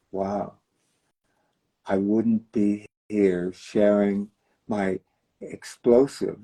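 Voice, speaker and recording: An older man hosting a show, talking to viewers in a slow, rambling, fond way. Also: fairly low pitch, mellow, breathy edge, poor audio. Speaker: host. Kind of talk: casual chat to viewers.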